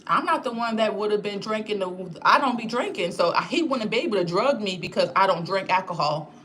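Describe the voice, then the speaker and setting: A young woman talks casually to her viewers on a live stream, candid and rambling, with easy swearing. Her voice sits at an ordinary middle pitch. A faint hiss of noise stays under her voice. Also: lively intonation, a little fast, a bit bright. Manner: swears freely. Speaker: channel host reading live chat.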